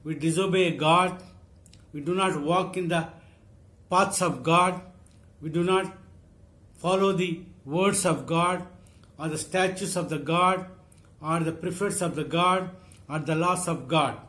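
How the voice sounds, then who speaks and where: A man preaching a sermon, reading scripture and repeating phrases slowly for emphasis. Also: a little high, fairly even intonation, a bit bright.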